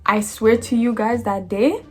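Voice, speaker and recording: A young woman telling a casual storytime, animated and slangy, often trailing off into unfinished sentences. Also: fairly high pitch, measured pace, soft background music. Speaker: vlogger.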